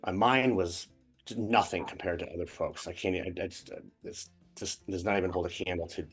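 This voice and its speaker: Deep-voiced american guy telling a memory on a call, stops and restarts a lot, low music under it. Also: husky. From United States. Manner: reflective, halting with restarts. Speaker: guest. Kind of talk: personal interview storytelling. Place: at home in Chicago, on a call.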